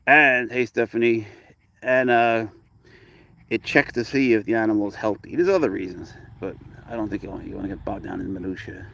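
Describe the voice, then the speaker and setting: Gravelly, chatty man narrating his cat. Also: a little fast, fairly bright tone, a little hiss or hum. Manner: chatty, rambling asides, coos at his cat in a high voice. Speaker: cat owner and channel host. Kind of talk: casual livestream chat to viewers.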